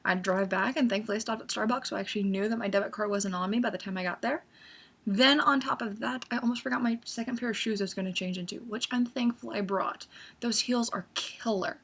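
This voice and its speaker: A young woman vlogging in a casual, storytelling way, animated and acting out her own excitement as she recounts events. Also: mid-range voice, quick pace, breathy edge.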